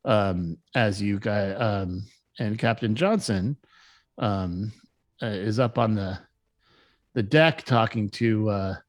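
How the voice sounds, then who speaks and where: A man narrating as game master of a tabletop game, halting with many fillers. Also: lowish voice.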